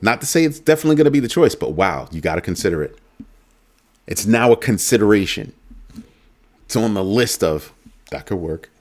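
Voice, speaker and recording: A man's voice: on the low side, lively intonation, brisk, pauses often. A man hosting a casual talk show, telling a story and mimicking a coworker with emphatic asides. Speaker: host. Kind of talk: casual chat.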